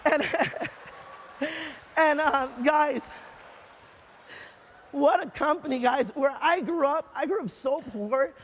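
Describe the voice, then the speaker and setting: A man from California speaks from a stage at a company event, his voice pitched unusually high for a man. He tells stories in an excitable, motivational way and breaks into bursts of shouting. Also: slow, long pauses, a little hiss or hum. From California, USA. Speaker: company sales leader giving an award speech.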